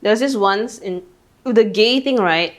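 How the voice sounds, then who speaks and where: A woman's voice: mid-range voice, unhurried. A young adult woman with a Malaysian English accent, co-hosting a casual podcast and telling stories animatedly, swearing freely and ending phrases with "lah". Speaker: podcast co-host. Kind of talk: casual chat.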